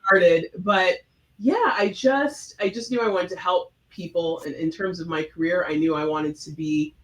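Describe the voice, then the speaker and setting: A woman's voice: on the low side, moderate pace, a bit bright, roomy sound, poor audio. A woman from Florida, a talk show guest, speaking earnestly and reflectively with frequent hesitations. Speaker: guest, attorney.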